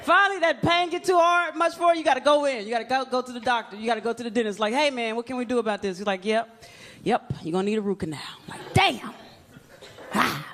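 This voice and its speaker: A woman's voice: on the high side, quick pace, fairly bright tone. A woman doing a stand-up comedy set on a club stage, brash and playful, acting out little scenes. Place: comedy club stage in front of a live audience. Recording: live club recording with crowd laughter and noise.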